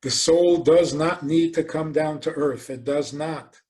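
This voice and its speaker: A rabbi giving a lecture, telling stories animatedly and asking rhetorical questions. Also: male voice, fairly high pitch, a little slow. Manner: animated storytelling, acts out quoted voices.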